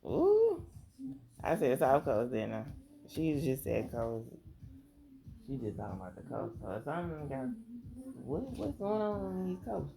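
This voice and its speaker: A woman's voice: very deep voice, animated, moderate pace, creaky. A woman tarot reader doing a casual reading, rambling, thinking aloud and swearing freely.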